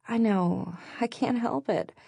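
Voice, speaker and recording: A woman's voice: on the high side, slow pace, gravelly, warm tone, husky, dry recording, pitched above the performer's own voice, heavily acted. A woman voicing a cheerful, dreamy young woman talking with her close friend in an audiobook. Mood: hopeful.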